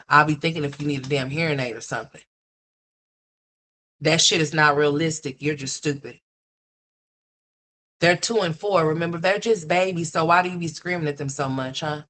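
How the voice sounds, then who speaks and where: A woman hosting a commentary livestream, scolding and mocking in a blunt, profane ranting style. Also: fairly bright tone. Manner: mimics others in a higher voice. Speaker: commentary streamer.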